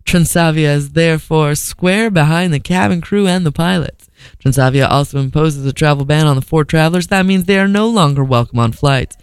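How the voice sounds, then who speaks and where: A podcast co-host reads a news story for comedy, stopping again and again for swearing, disbelieving asides. The voice sits in a middling pitch. It is close to the mic and very dry, with no room sound at all. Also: fairly quick, smooth, dry recording. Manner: profane, incredulous asides between read-out sentences.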